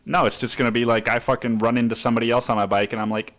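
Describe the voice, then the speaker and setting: A man's voice: medium pitch, level tone, very fast, few pauses, a bit bright. A man hosting a podcast, ranting casually and rambling with lots of cursing and "dude.". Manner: rambling, heavy cursing, says "dude" a lot. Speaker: podcast host. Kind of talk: casual profane rant.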